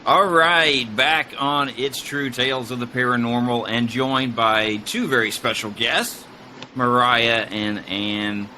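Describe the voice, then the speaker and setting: A male interview host with a bright, forceful tone and a middle-range pitch, leading the talk in a friendly, relaxed way. He drops in small fillers as he moves between questions. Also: slow pace, a little hiss or hum. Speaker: podcast host. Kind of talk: casual interview.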